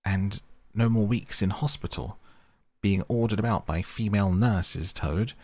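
A man with a gravelly, husky voice voicing an earnest, good-natured male mole in a storybook reading. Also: lowish voice, a little slow, darkish tone, pitched above the performer's own voice.

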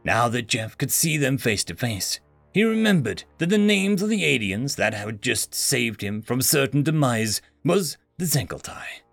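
A man's voice: mid-range voice, sing-song, a little slow, gravelly, a bit bright, no room sound, soft background music. A man narrating a sci-fi story in a dry, wry storytelling manner.

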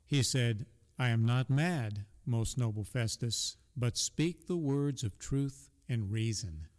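A man with a mid-range voice takes it slowly, his words trailing into a long reverb tail. Co-hosting a conversational Bible discussion, he reads scripture aloud and often gives his partner soft affirmations.

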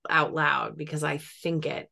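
A woman hosting, speaking in a warm, emotional way in casual chat. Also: sits low, measured pace, creaky. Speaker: host.

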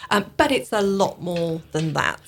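A woman, a civil servant guest on a radio show, explains her work in a measured way, with the odd um and uh. Her voice sits a little low. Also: expressive, a bit bright. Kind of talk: radio interview.

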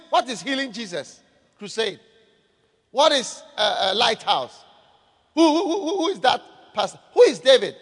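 A man's voice: very high voice, a bit bright, breathy edge, heavily acted. A man preaching as he puts on the voice of a scornful, stingy rich man who asks in mocking, incredulous repeats who the other is. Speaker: pastor. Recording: echoey hall reverb.

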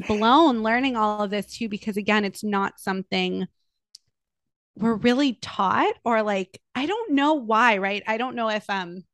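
A woman's voice: mid-range voice, measured pace, a bit bright, dry recording, faint music behind. A woman co-hosting a podcast who thinks aloud in long rambling turns full of "like" and "right?". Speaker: podcast co-host. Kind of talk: casual podcast chat.

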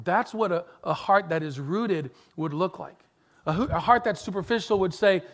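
A middle-aged male pastor preaching a sermon earnestly, repeating words, building to emphatic peaks and dropping to soft, quiet lines. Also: a little high, moderate pace.

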